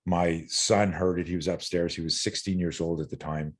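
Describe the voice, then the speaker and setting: A man's voice: low-pitched, fairly even intonation, normal speed. A middle-aged man, a self-defense instructor, telling a personal story as a podcast guest, blunt and earnest, swearing freely and stumbling over repeated words. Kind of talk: candid interview storytelling.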